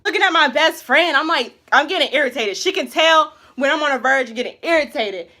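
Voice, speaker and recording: A woman's voice: high voice, animated, a little fast, sharp tone. A young woman telling a personal story in a casual, chatty way, with lots of filler words and slang. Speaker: vlogger.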